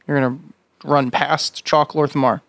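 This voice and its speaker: A man running a tabletop game as game master, relaxed and quick to laugh while he rules on the fly. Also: fairly high pitch, no echo.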